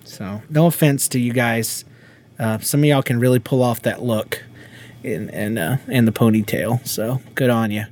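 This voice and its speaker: A man's voice: medium pitch, normal speed, a little mellow. A man, co-hosting a casual podcast and telling stories, acting out quotes and laughing often. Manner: laughing storyteller who acts out quotes and sings nonsense beats. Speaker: podcast co-host. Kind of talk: casual chat.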